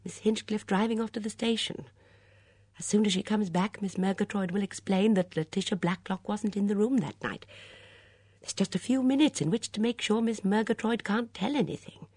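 A woman reading as an elderly lady sleuth, explaining a crime in measured, earnest tones. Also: medium pitch, a little mellow, slightly rough, no echo. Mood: urgent. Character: elderly woman sleuth, gentle but grave.

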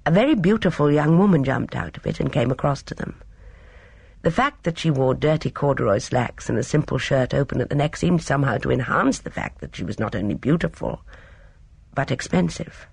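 A woman reading a novel aloud as a narrator, in measured storytelling. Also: extremely low pitch, expressive, creaky, darkish tone, husky, dry recording. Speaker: audiobook narrator. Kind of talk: scripted narration.

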